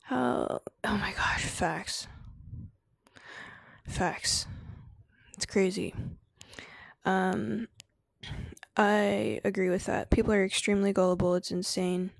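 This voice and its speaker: Speaking slowly with vocal fry and long pauses, a woman at medium pitch and fairly even intonation hosts a laid-back live stream. She uses slang, laughs frequently, responds to chat, and slips into spiritual preaching, with no room sound in the audio.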